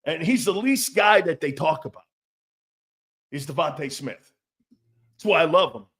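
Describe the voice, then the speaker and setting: A man hosting a casual sports talk show, blunt and animated, swearing freely. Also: on the high side, normal speed.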